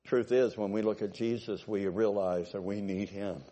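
A pastor in his sixties preaching a sermon, exhorting and building to forceful peaks. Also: fairly low pitch, steady tone, moderate pace.

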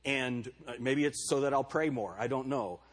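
A man's voice: medium pitch, normal speed. A male pastor giving a candid, conversational sermon to his congregation and calling on members by name. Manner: candid and self-deprecating. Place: church service before a congregation.

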